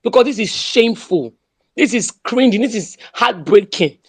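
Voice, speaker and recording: A woman's voice: on the high side, expressive, moderate pace, slightly rough. Impassioned Nigerian woman rallying listeners. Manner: emphatic, repeats slogans, mixes in pidgin. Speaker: speaker in an online audio room. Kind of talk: impassioned political speech.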